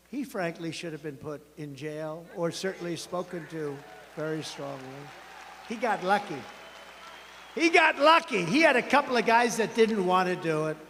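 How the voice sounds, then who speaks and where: A man giving a campaign rally speech as a politician, rambling and emphatic, often repeating himself. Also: on the high side. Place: large rally venue. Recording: long hall reverb at a big rally.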